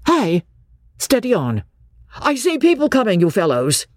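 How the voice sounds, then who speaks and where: A woman reader voicing an excitable male country vicar who shouts in a boyish, playful way. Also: sits high, measured pace, dry recording, clean studio sound, pitched above the performer's own voice, full character voice. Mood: shouting warning. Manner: shouting playfully, then scolding.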